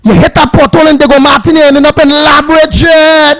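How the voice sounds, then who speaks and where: Fiery high-voiced Trinidadian radio host. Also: male voice, fairly even intonation, brisk, over music, poor audio. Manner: fiery, emphatic, repeats words, breaks into sing-song. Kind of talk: animated call-in radio talk.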